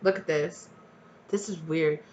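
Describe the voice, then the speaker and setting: A woman's voice: sits low, steady tone, measured pace, a little mellow, muffled recording, a little hiss or hum. A woman giving a casual tarot reading to her viewers, chatty and blunt, swearing freely and rambling as she goes. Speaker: tarot reader.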